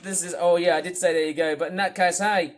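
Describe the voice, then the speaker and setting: A man's voice: high-pitched, steady tone, fast talker. A man giving rambling reaction commentary, exasperated and full of swearing. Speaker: video commentator.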